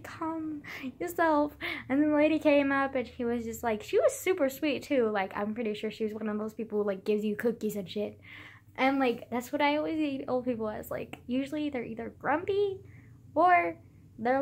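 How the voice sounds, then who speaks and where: A teenage girl chats to her phone camera in a loose, rambling vlog. She strings thoughts together with endless "like"s and casual swearing. Her voice sits a little high. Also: brisk. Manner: rambling, full of "like", swears freely. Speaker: vlogger.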